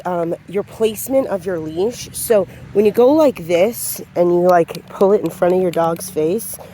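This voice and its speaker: Calm woman dog trainer outdoors. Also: a little hiss or hum. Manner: calm, low-key instructive talk with many fillers. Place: outdoors on a road while walking a dog. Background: passing vehicles.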